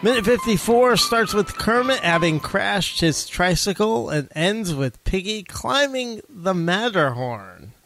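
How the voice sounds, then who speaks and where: A man's voice: sits high, animated, unhurried, gravelly, few pauses, a bit bright, soft background music. A young man co-hosting a casual podcast, talking things through with hesitant restarts and fillers. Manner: hesitant, restarts and fillers while reasoning aloud. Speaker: podcast co-host.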